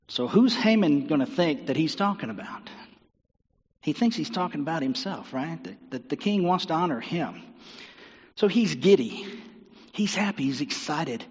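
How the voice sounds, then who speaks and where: A man's voice: fairly high pitch, animated, moderate pace. A man preaching a sermon, retelling a story animatedly with rhetorical questions. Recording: dull sound with long hall reverb.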